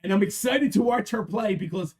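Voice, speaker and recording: A man's voice: high voice, brisk, soft background music. A middle-aged man hosting a live stream, talking casually and bluntly, swearing freely, telling stories and chatting with viewers by name. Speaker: live card-break stream host.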